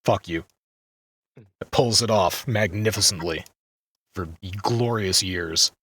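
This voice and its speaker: A man co-hosting a casual gaming podcast, chatty and quick to laugh. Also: fairly low pitch, bright, forceful tone, dry recording, distant mic. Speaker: podcast co-host. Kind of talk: casual chat.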